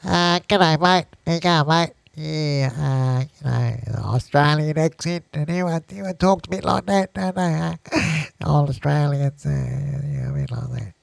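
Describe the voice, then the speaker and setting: Gravelly, lazy mock Aussie bloke put on by a man, murmuring slang in a close, dry voice with a pitch that swoops up and down. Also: sing-song, takes it slowly, few pauses, sharp tone, no room sound, exaggerated voice. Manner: drawling, mumbled slang. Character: mock laid-back Australian bloke, middle-aged man.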